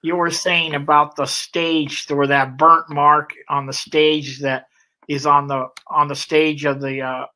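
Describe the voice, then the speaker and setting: A man's voice: a little high, level tone, unhurried, pushed and bright, rough recording. A male interview host asking a question in a rambling way with restarts.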